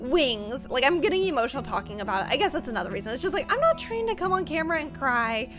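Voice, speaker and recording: A woman's voice: high-pitched, very animated, quick pace. A young woman hosting a casual gaming video, gushing and chatty, peppering her talk with "like". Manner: bubbly, gushing, says "like" often. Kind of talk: casual gameplay commentary. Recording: music playing behind voice.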